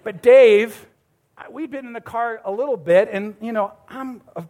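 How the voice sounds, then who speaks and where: A man's voice: very high voice, normal speed, a little mellow. A middle-aged man preaching a sermon to a church congregation, telling a story and calling his listeners beloved. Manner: storytelling, addresses the crowd as beloved. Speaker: pastor.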